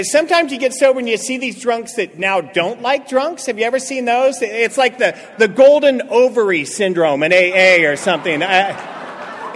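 High-voiced joking man in an echoey hall. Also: a little hiss or hum. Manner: joking, animated storyteller. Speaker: speaker at a recovery meeting. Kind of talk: humorous recovery talk to a live audience. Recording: echoey hall with faint crowd laughter.

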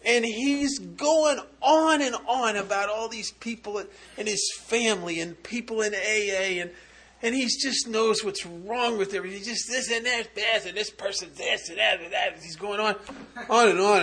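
A man's voice: high voice, normal speed, bright, forceful tone, breathy edge. A man speaking at a recovery meeting, telling a humorous personal story in a conversational, wry way with frequent restarts.

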